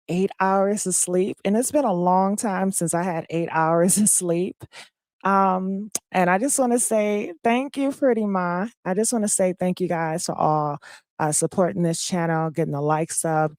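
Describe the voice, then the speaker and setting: A woman hosting a casual live-stream gossip commentary, just woken up and low on energy, chatting directly to her viewers with plenty of fillers. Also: moderate pace, a little mellow, no echo, studio quality.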